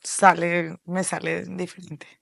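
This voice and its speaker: Young woman from Colombia, low gravelly voice, animated and laughing, dry close sound. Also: a little slow, no room sound. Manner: animated, laughs often, switches between English and Spanish. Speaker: interview guest. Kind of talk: casual interview.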